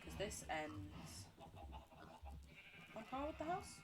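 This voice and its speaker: A woman's voice: mid-range voice, big pitch swings, slow. A woman livestreaming a game, rambling and chatting with her viewers, laughing often and joking about herself. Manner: responds to chat between game talk. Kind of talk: casual gameplay chat with viewers.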